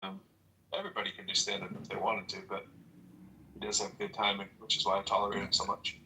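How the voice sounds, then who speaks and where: A man's voice: lowish voice, expressive, fast, pushed and bright, distant mic, slight background noise, rough recording. A man hosting a casual chat, speaking hesitantly with many restarts. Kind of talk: casual chat on an audio room.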